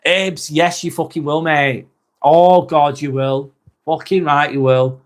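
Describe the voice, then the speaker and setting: Blunt, jokey English man, slightly high voice. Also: steady tone, slow. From England. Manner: blunt and jokey, swears freely, chuckles often. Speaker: live stream host. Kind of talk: casual live chat, reading out viewer comments.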